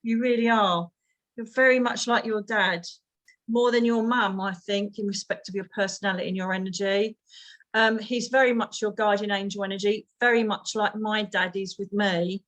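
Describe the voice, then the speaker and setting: A woman's voice: medium pitch, fairly even intonation, moderate pace, a bit bright. A British woman giving a live reading over a video call, chatty, calling people darling and swearing mildly. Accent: British English. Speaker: psychic medium.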